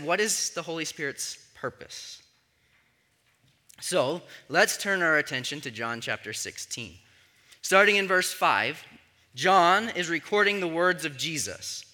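A male pastor delivering a sermon in a high, very bright and forceful voice. He teaches conversationally, often pausing to ask "right?" to keep the congregation with him. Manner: conversational teaching with frequent "right?" check-ins.

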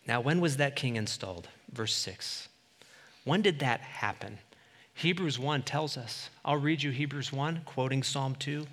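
A man preaching a sermon, swinging between loud, emphatic declarations and quiet asides. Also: mid-range voice, measured pace, long reverb tail.

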